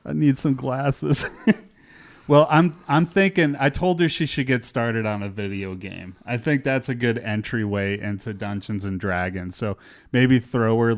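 A man hosting a casual chat, animated and filler-heavy, laughing often. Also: fairly low pitch, measured pace.

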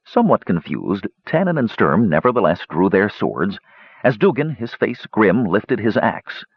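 A man narrating a fantasy story with expressive storytelling. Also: fairly low pitch, measured pace, breathy edge, no echo. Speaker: audiobook narrator. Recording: dull lo-fi dry recording.

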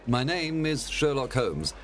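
A man voicing a calm, clever male detective who explains things precisely, in a storybook reading. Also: mid-range voice, slight background noise, pitched above the performer's own voice. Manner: measured, explaining.

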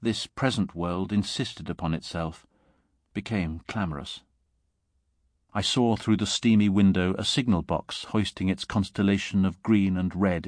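A man reading a short story aloud in a measured, steady narrating voice. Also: low voice, no echo, studio quality. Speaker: reader.

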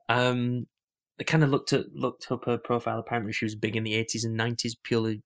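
A man's voice: mid-range voice, little pitch movement, a little fast. A young man co-hosting a podcast in casual chat, rambling with lots of fillers and restarts. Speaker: podcast co-host.

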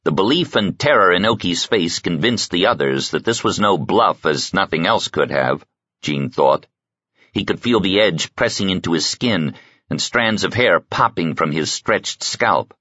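A man narrating an audiobook in a steady, measured storytelling voice. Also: sits low, husky, no room sound, highs cut off. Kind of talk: scripted narration.

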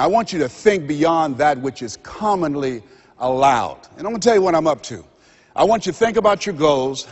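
A man giving a motivational seminar speech to a live audience, dramatic and preacher-like, acting out the voices in his stories. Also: a little high. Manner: dramatic, acts out quoted voices, preacher-like build-ups. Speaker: motivational speaker. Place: stage in a large hall with a live audience. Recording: lo-fi recording in a large reverberant hall.

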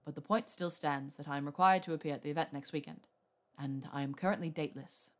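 Woman doing a young wizard man, deep murmur, dry and teasing, lovestruck, soft-spoken. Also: fast talker, natural voice.

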